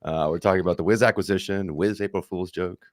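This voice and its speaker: A man's voice: low-pitched, steady tone, fast talker, no echo, studio quality. A man co-hosting a casual tech podcast, musing aloud in a conversational way. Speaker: podcast co-host.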